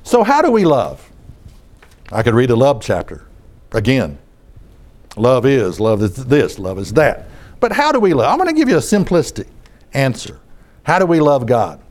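A man's voice: medium pitch, wildly swooping pitch, moderate pace, long pauses, a little mellow. A man preaching a sermon in front of a congregation, talking in a conversational way and often repeating his phrases.

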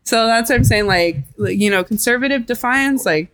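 A woman's voice: fairly high pitch, fairly quick, a bit bright, dry recording. A woman guest in a casual interview, talking in a chatty way with lots of "like" and acting out what other people said. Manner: chatty, fills with "like", quotes others in voices. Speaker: artist guest.

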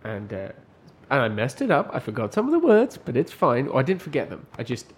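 A man's voice: mid-range voice, wildly swooping pitch, brisk, a little hiss or hum. A man co-hosting a podcast, telling an anecdote in a casual, rambling way full of restarts. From Britain. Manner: rambling storytelling with frequent restarts. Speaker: podcast co-host. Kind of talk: casual chat.

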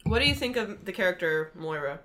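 A woman's voice: on the low side, very animated, brisk, pushed and bright. A young woman co-hosting a podcast, chatting casually and teasing her friends, swearing freely. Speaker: podcast co-host. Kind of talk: casual chat.

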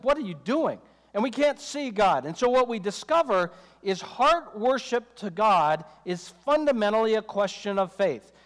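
A man with a high voice preaches a sermon in a relaxed, chatty way. He breaks into joking asides and acts out the voices he quotes. His voice rings out through a hall with a long reverb. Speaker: pastor.

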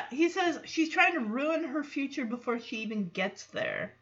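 A woman hosting a podcast, recapping an episode in a casual, animated way and acting out quotes. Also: normal speed, few pauses, highs cut off. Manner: animated, acts out quotes in lowered voices. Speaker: podcast host.

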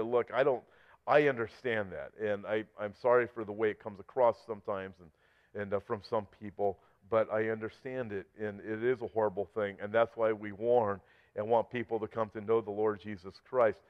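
A man teaching on Bible prophecy in an earnest sermon style, getting louder and more forceful when he reads scripture aloud. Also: lowish voice, fairly even intonation, a little fast. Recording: slightly dull lo-fi audio.

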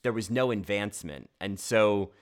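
A man's voice: lowish voice, normal speed. A man talking casually about a film, full of filler words and restarts. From United States. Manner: chatty, many filler "like"s and restarts.

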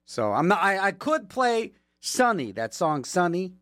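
A man's voice: high voice, sing-song, measured pace, fairly bright tone, dry recording. A man working as a radio DJ, chatting casually between songs with rambling, joking asides, from a studio mic.

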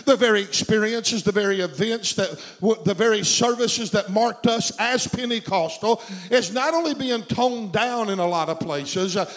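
A high-pitched man delivers a storytelling sermon. He circles back on his phrases and builds fervor as he preaches, in the manner of a middle-aged pastor. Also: moderate pace, low-quality recording. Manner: storytelling preacher, fervent and repetitive.

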